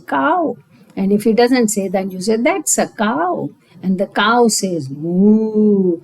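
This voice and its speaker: Slow, husky Indian woman therapist. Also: mid-range voice, a little mellow, rough recording. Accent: Indian English. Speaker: auditory-verbal therapist. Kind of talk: instructional talk to parents.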